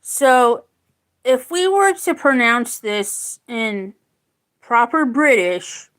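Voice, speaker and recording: A woman gives a slow, careful phonics lesson, saying each word twice as she sounds it out. Her voice sits fairly high and she never hurries. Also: expressive, a bit bright. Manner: slow, deliberate, repeats words to sound them out. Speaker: teacher.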